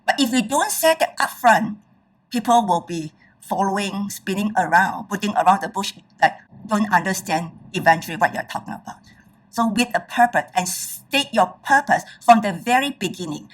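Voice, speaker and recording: Woman, presentation, highly expressive pitch, breathy, distant mic, emphatic, audience check-ins. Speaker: public speaking trainer.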